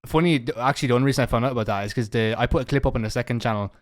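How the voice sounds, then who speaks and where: A man's voice: mid-range voice, racing. A young man hosting a podcast, chatting casually and gossiping about another creator. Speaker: podcast host.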